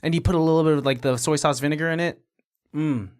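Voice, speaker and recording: A man's voice: on the high side, fairly even intonation, fast talker, smooth. A man hosting a podcast, chatting casually in a laid-back, joking way. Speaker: podcast host. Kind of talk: casual chat.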